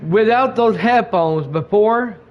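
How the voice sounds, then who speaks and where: A man's voice: high-pitched, slow pace. A man hosting a podcast, telling a casual story full of restarts and repeated words. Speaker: podcast host. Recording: dull lo-fi stream audio.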